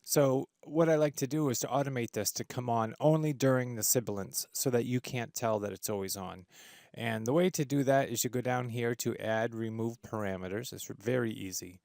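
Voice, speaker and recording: A man hosting a casual audio software tutorial, enthusiastic and full of fillers and restarts. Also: medium pitch, normal speed, creaky, dry recording, studio quality. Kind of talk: screen-recorded software tutorial. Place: home studio with treated room.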